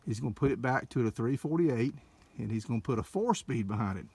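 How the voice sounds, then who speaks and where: An older man, a car dealer, giving an excited, folksy walkaround and talking to viewers as folks, recorded on a handheld camera mic. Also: medium pitch, fast, breathy edge, no echo. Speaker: classic car dealer showing a car. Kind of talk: casual walkaround narration.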